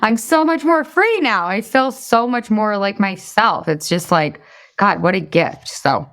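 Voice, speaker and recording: A woman's voice: medium pitch, expressive, unhurried, fairly bright tone. A mother talking as a podcast guest in a candid, confessional way, swearing casually.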